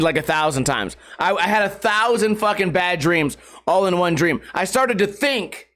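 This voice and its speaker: A young man hosting a solo podcast, telling rambling, profane stories in a casual, animated way. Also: high-pitched. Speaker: podcast host.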